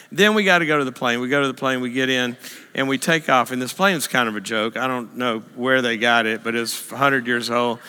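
A man telling a funny story to a church audience, animated and self-mocking, acting out the other people's voices. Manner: animated, self-mocking, acts out voices with big pitch jumps. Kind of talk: humorous storytelling talk. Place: church hall. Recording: long hall reverb.

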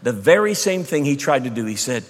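A man preaching a sermon, emphatic, moving between loud bursts and hushed asides. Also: medium pitch, big pitch swings, brisk. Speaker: pastor. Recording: long hall reverb.

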